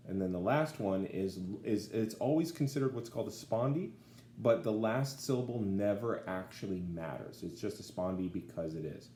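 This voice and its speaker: A man's voice: lowish voice, lively intonation, normal speed, dark tone. A man teaching a casual video lesson, often checking in with the class as he explains. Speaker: Latin teacher. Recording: echoey room, faint background noise.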